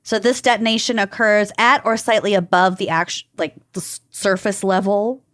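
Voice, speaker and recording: A woman podcast co-host with a mid-range, fairly bright voice and fairly even intonation speaks at normal speed. She explains research notes in a loose, joking way, full of "like" fillers, and the studio-quality recording has no room sound.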